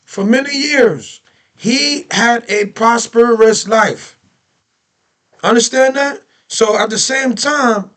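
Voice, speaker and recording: High pitched dude ranting on his reaction vid, aave, keeps asking rhetorical questions. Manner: animated, ranting, repeats himself, rhetorical questions. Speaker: reaction video host. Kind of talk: heated political reaction commentary.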